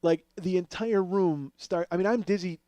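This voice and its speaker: A man's voice: high voice, normal speed, warm tone, no room sound. A middle-aged man telling a comic story as a podcast host, acting out other people's voices as he goes.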